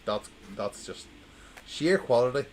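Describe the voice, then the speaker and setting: A tipsy man hosts a casual dad-joke reading, repeating every punchline and laughing at his own jokes. His mid-range voice is lively in intonation but slow, with a darkish tone and slight background noise.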